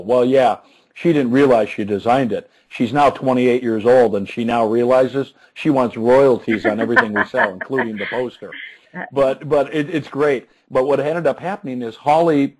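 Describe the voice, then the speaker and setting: Husky man telling stories, chuckling. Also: medium pitch, fairly quick, darkish tone, poor audio. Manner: chuckling, restarts and repeats words. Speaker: success coach and speaker. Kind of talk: animated storytelling interview.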